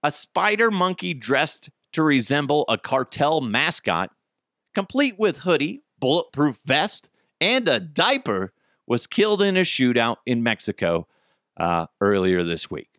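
A man's voice: fairly high pitch, big pitch swings, unhurried, a bit bright, no room sound, clean studio sound. A man hosting a podcast, chatting casually about odd news with frequent laughs and profanity. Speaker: podcast host. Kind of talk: casual comedic commentary.

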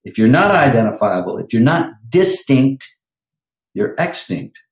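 A man's voice: medium pitch, sing-song, unhurried, roomy sound, poor audio. A man who works as a vocal coach, talking animatedly in a podcast interview and breaking into sung lines now and then.

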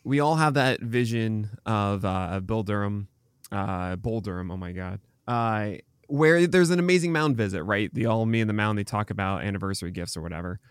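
Male podcast host, smooth low voice, playful, dry studio sound. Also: moderate pace, no echo. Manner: playful, asks questions with hesitant fillers. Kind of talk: casual interview chat.

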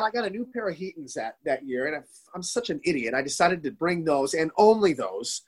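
Podcast guest: middle-aged man from the Detroit area, animated storyteller, voice sits a bit high. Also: brisk, hardly any pauses. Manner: storytelling, animated, swearing, acts out quotes. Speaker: guest, former youth hockey goalie. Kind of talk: casual podcast conversation.

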